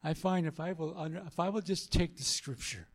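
A man's voice: fairly high pitch, brisk. A man pastor giving an earnest sermon, repeating phrases for emphasis as he tells a story and then exhorts the congregation.

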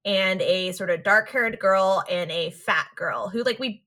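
A woman's voice: mid-range voice, measured pace, pushed and bright. A woman co-hosting a casual podcast chat, animatedly retelling scenes and acting out lines. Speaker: podcast co-host.

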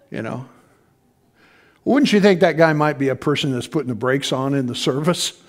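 A man's voice: medium pitch, lively intonation, normal speed, long pauses. A middle-aged male pastor giving a sermon in a church, talking in a conversational way, often asking the congregation questions and chuckling. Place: church sanctuary.

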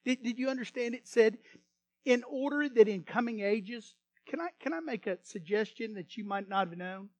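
A male pastor delivering a sermon in a high voice. He swings from loud, emphatic passages to quiet, hushed asides and has the congregation repeat lines after him. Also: animated, normal speed. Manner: repeats words when starting phrases.

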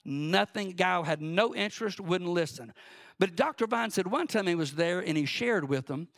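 A man's voice: high voice, animated, normal speed, vocal fry, fairly bright tone. A man preaching a sermon, in an impassioned, rising and falling preaching cadence. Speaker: pastor.

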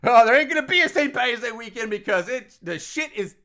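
High, bright-voiced male podcast host. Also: expressive, brisk. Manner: loose and profane, joking sarcasm. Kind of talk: casual podcast chat.

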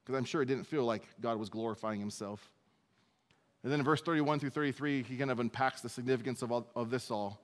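A man's voice: medium pitch, a little fast. Conversational male pastor in a reverberant hall. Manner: conversational, self-deprecating asides. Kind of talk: sermon, verse-by-verse teaching.

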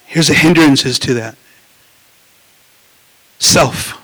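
A man preaching a sermon in an animated way, with frequent restarts and asides to the listeners. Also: sits high, normal speed, no echo, poor audio. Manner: animated preaching, acts out voices, many restarts and "right?".

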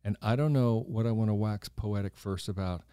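A man hosting a podcast, telling stories in a gushing, animated casual chat. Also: lowish voice, fairly quick, smooth, no echo, studio quality. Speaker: podcast host.

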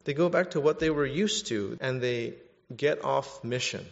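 A man preaching a sermon, animated, swinging between loud bursts and hushed stretches. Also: mid-range voice, normal speed, vocal fry. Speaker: pastor. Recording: dull sound with long hall reverb.

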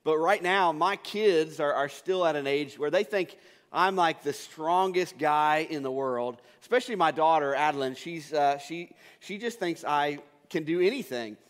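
A man preaching a sermon as pastor, telling stories in a relaxed, casual way and often restarting his sentences. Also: a little high, normal speed, in a large hall. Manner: casual storytelling with frequent restarts.

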